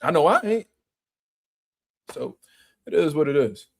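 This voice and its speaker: A man's voice: on the high side, animated, unhurried, gravelly. A man hosting a casual boxing talk stream, reading out chat and riffing in profane street slang with mocking impressions. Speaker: boxing show host.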